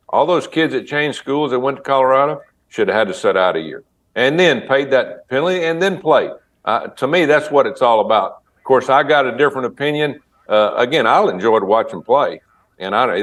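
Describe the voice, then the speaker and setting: Low halting former coach. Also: male voice, fairly bright tone. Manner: halting, restarts often. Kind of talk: interview guest.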